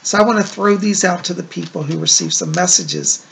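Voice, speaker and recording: A man's voice: high voice, steady tone, fairly quick, gravelly, fairly bright tone, a little hiss or hum. A man hosting a psychic show, reading viewer letters in a casual, reassuring, chatty way. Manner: chatty and reassuring, with frequent "like" and "you know". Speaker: psychic medium host.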